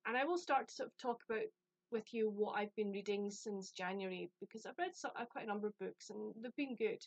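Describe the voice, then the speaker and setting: A woman's voice: mid-range voice, a little fast, no room sound, low-quality recording. A woman from the UK chatting casually about a book she received, rambling and self-deprecating. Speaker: book vlogger. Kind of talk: casual chat.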